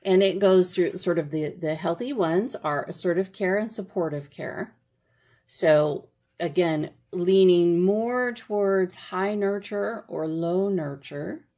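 A woman's voice: fairly low pitch, takes it slowly, mellow. A woman walking through a parenting workbook in a casual teaching manner, often checking in with "okay?" and correcting herself as she goes.

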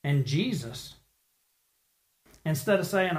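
A man preaching a sermon, telling a story with lively acted-out voices for the people in it. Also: high-pitched, measured pace.

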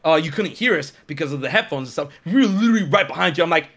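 A man's voice: fairly high pitch, racing. A man who streams and makes videos tells a casual story, animatedly acting out what other people said and filling his speech with "uh" and "like.". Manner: animated, acts out other people's lines in quotes, many fillers. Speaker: streamer and content creator.

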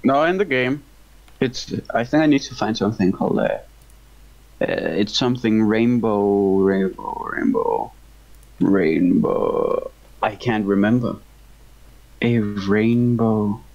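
A man's voice: fairly low pitch, takes it slowly. Young Danish man gaming, dull mic. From Denmark. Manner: laughing, swearing, excitable. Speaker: gamer playing co-op. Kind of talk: casual gaming chat.

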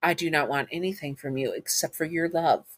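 A woman voicing an obsessive masked young man who speaks softly and with deadly seriousness, in an amateur audio story. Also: low-pitched, brisk, breathy edge. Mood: soft menacing. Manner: soft-spoken, deadly serious.

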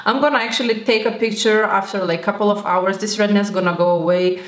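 A woman's voice: mid-range voice, fairly even intonation, fairly quick. Chatty skincare vlogger lady, gushes and repeats words, echoey room sound. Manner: gushing, effusive, repeats words. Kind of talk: casual vlog to camera.

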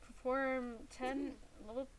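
A woman's voice: high voice, level tone, slow pace, a crowd in the background. A young woman streaming a life-sim game, scolding her characters with exasperation. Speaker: gaming streamer. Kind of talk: casual gameplay commentary.

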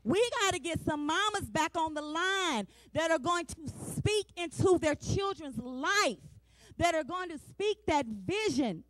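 A woman in her forties delivers a sermon with fervent, emphatic repetition, speaking in a plain, down-to-earth way straight to her listeners. Her voice sits high, and the sound is close and dry with no room around it. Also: fairly bright tone, no echo. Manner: passionate, emphatic preaching with repeated refrains; colloquial, talks straight to the congregation. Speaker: women's day speaker.

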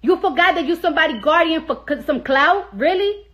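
A woman's voice: high-pitched, brisk, fairly bright tone, highs cut off. A young woman ranting heatedly into her phone on a live stream, swearing constantly and repeating herself for emphasis. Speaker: celebrity on a social media live stream. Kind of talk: angry profane rant.

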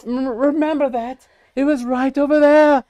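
A woman's voice: high voice, fairly even intonation, normal speed, mellow, no room sound, close to an everyday voice. A woman playing a mischievous young brother who teases in a mock-dramatic way, for a comedy skit. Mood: teasing.

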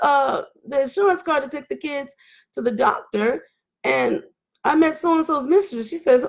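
A woman's voice: high-pitched, normal speed, gravelly. A woman hosting a live talk show, telling a personal story casually to her audience and acting out what others said, often laughing. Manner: animated, acts out quotes of others, laughs often.

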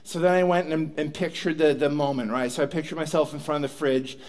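A man's voice: a little high, fairly even intonation, fast talker, a little mellow. A man preaching a sermon as pastor, telling stories and acting out quoted prayers and dialogue. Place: church sanctuary.

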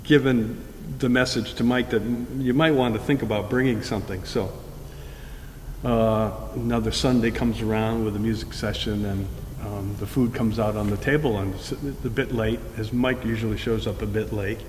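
A man's voice: fairly low pitch, steady tone, moderate pace, a little mellow, slight background noise. Man telling stories in an echoey hall. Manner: amused, laughs while telling. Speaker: interviewee sharing memories. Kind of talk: anecdotal storytelling. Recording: echoey hall with long reverb.

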